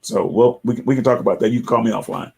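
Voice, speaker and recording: A middle-aged man hosting a casual live talk, chatty and animated, sometimes mimicking callers in a raised voice. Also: mid-range voice, racing, vocal fry, breathy edge. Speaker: host.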